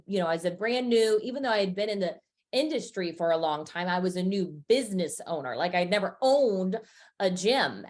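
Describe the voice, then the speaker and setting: Woman guest coach, talkative and emphatic, average pitch, casual podcast conversation. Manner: chatty, emphatic, frequent filler words. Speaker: fitness and business coach, guest.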